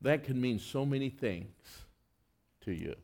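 A man preaching a sermon in an earnest, conversational way, swinging between loud emphasis and soft, low passages. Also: lively intonation, unhurried.

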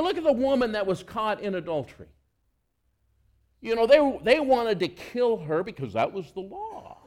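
Man, preacher, sermon, high voice, very lively pitch. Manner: animated, acts out quoted voices.

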